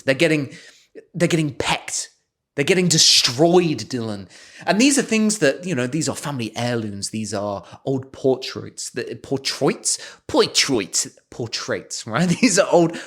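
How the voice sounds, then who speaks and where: A man co-hosting a podcast, improvising a comic story in a mock-dramatic way. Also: mid-range voice. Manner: animated, breaks into laughter, mock-dramatic. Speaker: podcast co-host.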